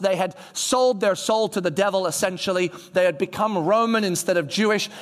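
A young man preaching a sermon, telling the story in a lively way and acting out the people in it. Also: high-pitched. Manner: animated storytelling, acting out characters.

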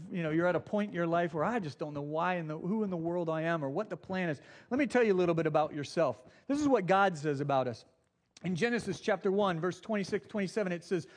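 A middle-aged man, a pastor, preaching a sermon and telling stories, slowing down to stress key words. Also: high-pitched. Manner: storytelling with acted quotes, slows for emphasis.

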